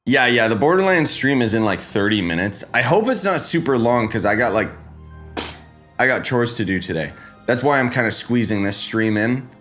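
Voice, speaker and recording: Streaming a game live from home in front of a green screen, a man rambles in a relaxed way and greets people in chat by name, his voice stuffy because he just woke up. He speaks in a mid-range, slightly bright, expressive voice at normal speed, with soft music in the background.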